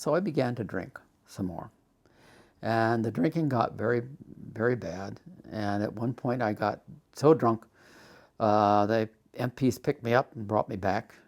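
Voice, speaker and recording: An older man in a documentary interview, telling a personal story with halting restarts and rising agitation. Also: lowish voice, creaky, a little mellow.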